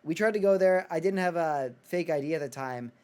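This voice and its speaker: A young man from the United States hosting a podcast in casual chat, excitable, swearing, with lots of filler words. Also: a little high, fairly quick, clear, resonant tone. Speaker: podcast host.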